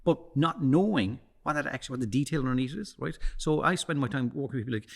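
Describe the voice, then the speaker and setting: A man's voice: mid-range voice, quick pace, gravelly, few pauses. A middle-aged man, a communications coach, talking animatedly in a casual interview, restarting and repeating words. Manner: animated, acts out quoted voices.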